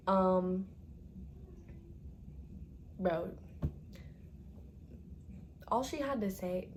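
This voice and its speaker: A woman's voice: on the low side, measured pace, a little mellow, slight background noise. A young woman telling a casual storytime to her viewers, chatty and dramatic, with lots of "like" and swearing.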